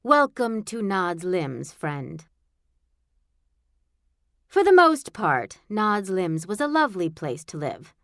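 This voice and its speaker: A woman narrating a children's audiobook in a wry, expressive storytelling manner. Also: medium pitch, takes it slowly, pauses often, no room sound, studio quality. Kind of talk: scripted narration.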